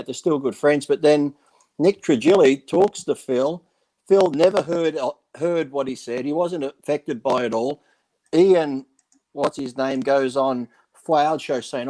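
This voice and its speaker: A man's voice: on the high side, a little mellow. A man on a podcast, a former bodybuilder, telling rambling backstage stories, swearing freely and acting out what others said. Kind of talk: casual chat, storytelling.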